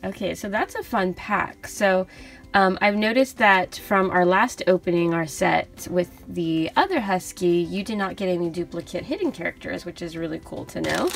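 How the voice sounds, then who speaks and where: A young woman hosting a toy unboxing video, gushing softly over each cute plush and reading out their names. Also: fairly low pitch, moderate pace, vocal fry, faint music behind. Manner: gushing, soft and cooing over cute toys.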